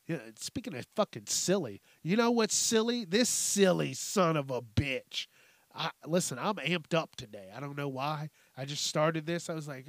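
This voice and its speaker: Slow, profane ranting man. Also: a little high, dry recording. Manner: profane, animated ranting with mocking impressions. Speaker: podcast host. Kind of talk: casual ranting commentary.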